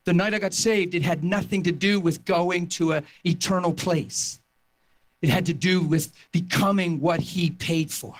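A man with a noticeably high voice preaches to his congregation, recounting his own story with fervent energy. His delivery swells from quiet reflection into near-shouted emphasis. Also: normal speed. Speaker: pastor. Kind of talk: sermon testimony.

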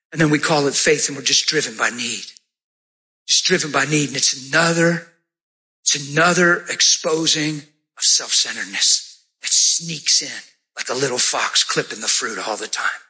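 A man preaching a sermon, telling a story with lively, animated delivery and jumping into high-pitched voices for the people in it. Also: moderate pace, breathy edge. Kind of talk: sermon with testimony.

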